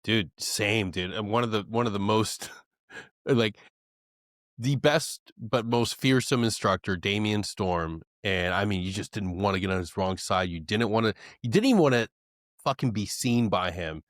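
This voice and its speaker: A man's voice: on the low side, moderate pace, a bit bright, no echo, studio quality. A man co-hosting a podcast, telling profane stories and laughing often in casual chat. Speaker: podcast co-host.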